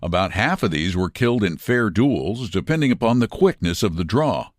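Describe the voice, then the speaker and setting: A man reading a classic story aloud in measured, expressive narration. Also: fairly low pitch, no room sound, studio quality.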